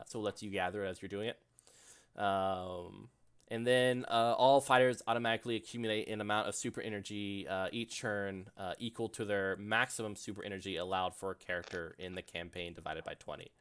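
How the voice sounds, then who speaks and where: A man's voice: lowish voice, a bit bright, smooth. A man running a tabletop game as its game master, talking through rules and scenes at an easy, rambling pace. He speaks in loose sentences that are full of fillers and restarts.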